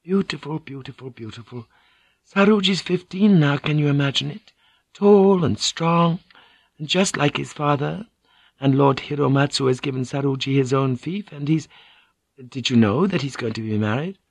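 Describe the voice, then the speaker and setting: A man's voice: a little high, normal speed, gravelly, no room sound. A man voicing a refined, dutiful noblewoman and proud mother in an audiobook, speaking with slight shyness. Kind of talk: audiobook character voice.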